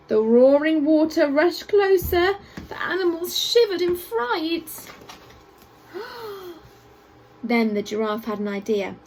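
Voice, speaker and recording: Reading a picture book to kids at a school assembly, a teacher speaks in a high-pitched voice, full of expression and playful asides. The recording sounds rough.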